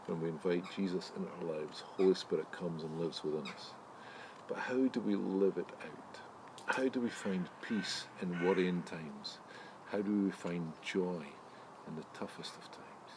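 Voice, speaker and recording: Deep-voiced man preaching. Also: measured pace, background noise. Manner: friendly, chatty preacher, lively when telling a story. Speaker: pastor. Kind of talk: sermon with a told joke. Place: home during lockdown.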